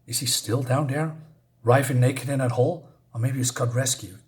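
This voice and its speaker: A man voicing an anxious young man in a horror story, speaking in a steady, reassuring tone that turns urgent at times. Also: medium pitch, moderate pace, close to an everyday voice. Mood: uneasy. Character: anxious young man trying to stay calm.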